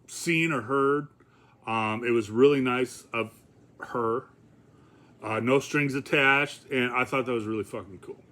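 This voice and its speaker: A man's voice: medium pitch, a bit bright. A man talking casually in a rambling, profane vlog, with many fillers and chuckles. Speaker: vlogger.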